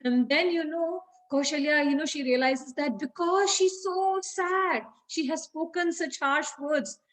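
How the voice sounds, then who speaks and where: A woman's voice: high-pitched, a little slow, fairly bright tone, rough recording. A woman, teaching children by retelling a story in a chatty way, with many fillers and questions to the class.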